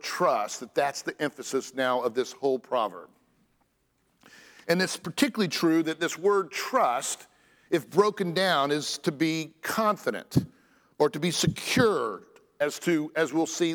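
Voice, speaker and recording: Earnest male preacher in an echoey hall. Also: fairly high pitch. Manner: earnest, lively preaching with stressed phrases and pauses. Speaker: pastor. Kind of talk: sermon.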